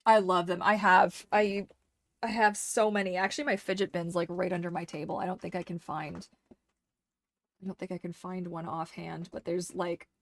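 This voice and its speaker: A woman's voice: fairly low pitch, little pitch movement, moderate pace, no room sound. Chatty streamer woman, dry close mic. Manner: rambling, chatty, many restarts. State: slightly losing her voice. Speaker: live streamer. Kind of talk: casual livestream chat. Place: home streaming desk. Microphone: desk microphone.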